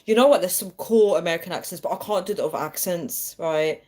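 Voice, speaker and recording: A woman's voice: on the low side, fast, darkish tone. A woman hosting a casual phone livestream, chatting to viewers she keeps calling guys and laughing often. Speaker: livestream host.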